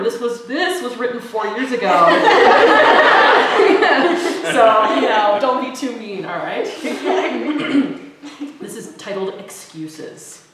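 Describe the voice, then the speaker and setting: Young woman from Georgia reading poems, echoey. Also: medium pitch. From Georgia, USA. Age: 20s. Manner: nervous chatty asides with laughs. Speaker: graduating student poet. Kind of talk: reading own poetry at a live event. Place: event hall with audience. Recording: echoey hall, distant mic, loud hiss.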